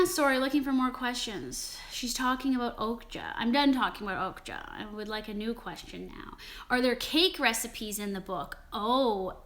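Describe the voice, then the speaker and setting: A young woman chats through a live-stream Q&A with her viewers, loose and profane, with lots of "like." Her voice sits a touch high and sounds crisp and bright. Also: expressive, normal speed. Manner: casual, swears freely, chatty with lots of "like". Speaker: cookbook author and vegan food channel host.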